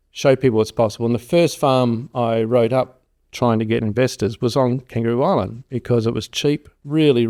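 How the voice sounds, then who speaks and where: Man with a mellow voice. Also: medium pitch. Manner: rambling, animated storyteller who acts out quoted voices. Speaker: agronomist and farm consultant. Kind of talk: casual interview storytelling.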